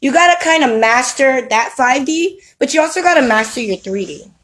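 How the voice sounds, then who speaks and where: A woman's voice: sits high, expressive, normal speed, fairly bright tone, slight background noise, poor audio. Slangy woman preaching spiritual talk. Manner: streetwise slang, preachy, asks "you know what I mean?". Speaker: spiritual vlogger. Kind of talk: casual spiritual talk to camera. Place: home with children around.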